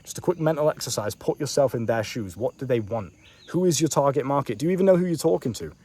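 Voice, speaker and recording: A man talks quickly and bluntly, coaching the listener in a casual vlog recorded outdoors. His speech is profane and full of slang, and he addresses the listener directly. Insects and crickets chirp behind him. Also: mid-range voice, lively intonation, warm tone. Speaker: online business coach. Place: outdoors on a bench in a warm country.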